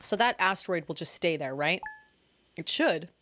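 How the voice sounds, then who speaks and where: A woman's voice: fairly low pitch, animated, normal speed, pushed and bright, slight background noise. A woman in her thirties streaming a game, chatting casually, giggly and rambling. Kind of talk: casual chat while gaming.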